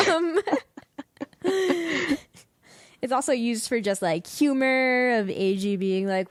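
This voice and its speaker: A woman's voice: sits high, animated, slow pace, long pauses, no room sound, clean studio sound. A woman hosting a podcast, chatting casually, often laughing and acting out lines she quotes. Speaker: podcast host.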